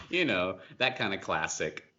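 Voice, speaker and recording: A man's voice: sits low, pushed and bright, muffled recording, a little hiss or hum. A man chatting as a guest on a podcast, rambling and self-mocking with lots of fillers. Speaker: podcast guest, film director. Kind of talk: casual chat.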